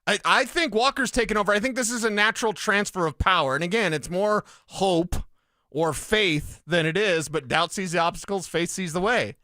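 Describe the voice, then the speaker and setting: Animated sports radio co-host, a man from Colorado with a high, sharp tone, close dry studio mic. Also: moderate pace, dry recording. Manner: animated, theorizing, acts out quotes. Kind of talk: sports talk radio banter. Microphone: studio microphone.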